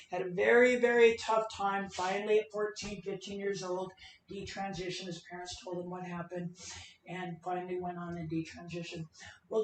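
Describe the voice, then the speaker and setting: A woman's voice: mid-range voice, slight background noise. Earnest woman telling her story over a video call. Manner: earnest, emphatic storytelling with quoted dialogue. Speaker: transgender advocate speaker. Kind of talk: personal storytelling talk. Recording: roomy, distant video-call audio.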